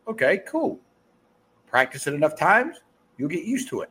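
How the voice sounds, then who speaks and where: Podcast host, man, middle-aged, faint Southern US accent, blunt and profane pep-talk delivery, bouncing, lively pitch. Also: normal speed, pauses often, slightly rough. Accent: Southern US, softened. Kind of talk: casual motivational monologue.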